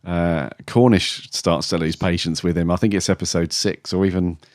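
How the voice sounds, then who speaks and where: A man's voice: sits low, fairly even intonation, moderate pace, no echo, clean studio sound. A man co-hosting a podcast in casual chat, rambling with fillers and frequent laughs. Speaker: podcast co-host.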